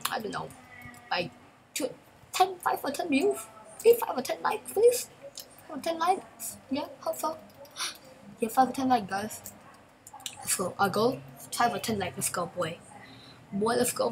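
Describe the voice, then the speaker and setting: A woman hosting a gaming channel, giving chatty, excitable gameplay commentary in broken English and repeating phrases. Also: on the high side, vocal fry, slight background noise, rough recording.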